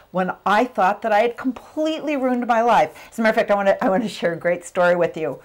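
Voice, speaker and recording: A middle-aged woman giving a motivational talk, telling a personal story and acting out the quotes. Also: mid-range voice. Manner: animated storyteller, acts out quotes. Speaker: motivational speaker.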